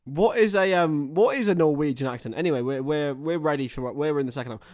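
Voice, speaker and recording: A young man hosting a live match watchalong, chatting casually and rambling between topics, with excited bursts of play-by-play. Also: a little high, fast. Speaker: livestream host.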